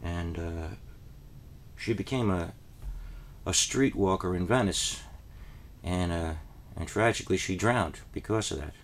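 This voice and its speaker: A man from New Jersey telling a deadpan parody monologue, rambling and then rising into frantic, high-pitched pleas. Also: unhurried, pauses often. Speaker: comic storyteller.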